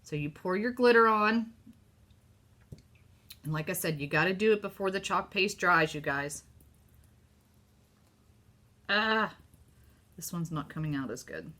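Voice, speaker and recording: A woman with a Southern US accent hosting a casual live craft demo, chatty and excitable as she talks to her viewers. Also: on the low side, moderate pace, pauses often. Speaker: craft host.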